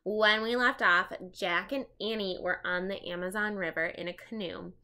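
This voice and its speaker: A woman's voice: mid-range voice, steady tone, normal speed, sharp tone. A woman reading a children's chapter book aloud, adding chatty asides.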